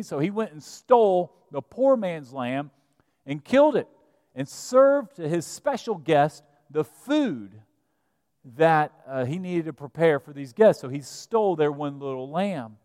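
A man, the pastor, preaching a sermon and retelling a scripture story in a lively storytelling manner. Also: fairly high pitch, a little slow. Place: church sanctuary. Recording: church sanctuary with long reverb.

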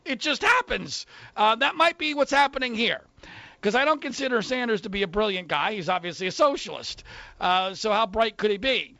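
A man's voice: high-pitched, lively intonation, fairly quick, bright, forceful tone, dry recording, lo-fi sound. A man hosting a political radio talk show, opinionated and sarcastic.

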